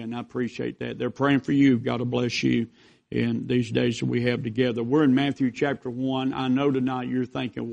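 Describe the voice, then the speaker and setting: Gravelly preacher man. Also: mid-range voice, darkish tone, highs cut off. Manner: folksy, rambling storytelling. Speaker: visiting preacher. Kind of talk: revival sermon.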